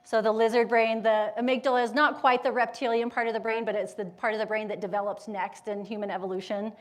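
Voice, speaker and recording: A woman giving a live motivational talk to an audience, lively and conversational, asking the room questions and briefly acting out inner voices. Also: on the high side. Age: adult with school-age children. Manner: animated, acts out inner voices with quick quotes. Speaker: motivational speaker and yoga educator.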